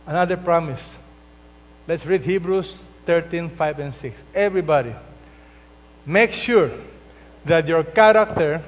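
Slow, emphatic high-voiced male preacher. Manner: slow, emphatic preaching with drawn-out scripture quotes. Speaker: pastor. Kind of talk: sermon. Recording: dull, lo-fi sound with long hall reverb and mains hum.

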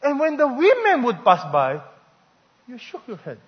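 A preacher doing a curious pastor. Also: male voice, extremely high pitch, wildly swooping pitch, moderate pace, voice pushed up, exaggerated voice. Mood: puzzled. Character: curious male pastor questioning a widow. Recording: dull lo-fi recording in a reverberant hall.

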